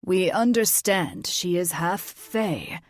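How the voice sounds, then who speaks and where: A woman voicing a big, protective old male dragon grandfather in an audiobook, calm and wry. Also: fairly low pitch, slow pace, no room sound. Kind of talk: audiobook character voice.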